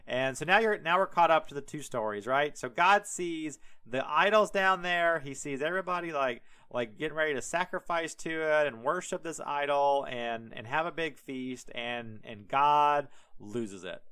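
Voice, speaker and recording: A man's voice: on the high side, moderate pace, hardly any pauses, smooth. A man hosting a podcast who retells scripture in a casual, irreverent, profane way, full of "like" and asides. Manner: animated, irreverent, profane, many fillers. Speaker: podcast host. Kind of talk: casual comedic Bible retelling.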